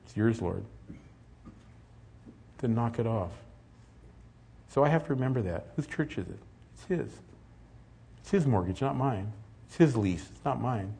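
A man's voice: medium pitch, expressive, normal speed, gravelly, pauses often, mellow, slightly rough. A middle-aged man preaching a sermon as pastor, earnest and rising to emphatic peaks.

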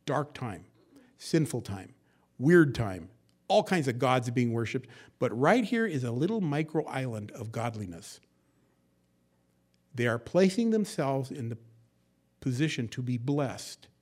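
Emphatic man preaching a Bible sermon. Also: fairly high pitch. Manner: swings between hushed asides and loud emphatic verse reading; conversational, with folksy jokes and acted-out quotes. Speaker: pastor. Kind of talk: expository sermon.

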